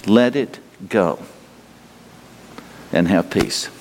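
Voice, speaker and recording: A man preaching a sermon in a conversational way, asking the congregation questions and giving God's answers in a slower, gentler voice. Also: low voice, lively intonation, a little hiss or hum. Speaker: pastor. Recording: long reverb of a large hall.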